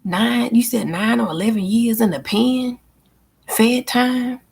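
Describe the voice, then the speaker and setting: A woman's voice: fairly high pitch, slow, gravelly, a little mellow, breathy edge. A woman hosting her own channel, venting bluntly and emphatically in a casual monologue, often swearing and repeating herself. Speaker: channel host and life coach.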